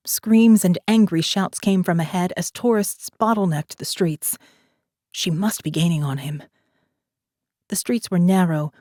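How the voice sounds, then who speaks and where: A woman narrating a thriller audiobook in a steady, measured reading voice, close to a studio mic. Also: medium pitch, dry recording. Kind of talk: scripted narration.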